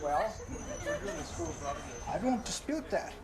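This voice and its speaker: A man's voice: sits high, very animated, slow. A man on the street sternly lecturing a prankster about privacy. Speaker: passerby. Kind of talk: street argument.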